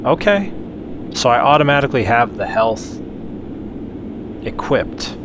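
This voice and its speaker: A man's voice: mid-range voice, big pitch swings, unhurried, noisy background. A man hosting a game playthrough, chatting and joking with mild swearing as he plays. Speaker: let's play host. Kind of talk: casual gameplay commentary.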